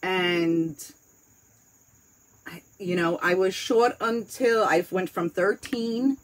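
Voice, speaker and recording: A woman's voice: lowish voice, steady tone, slow pace, low-quality recording. A woman with a New York accent chatting casually, candid and rambling, swearing freely as she talks. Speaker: host. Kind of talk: casual chat.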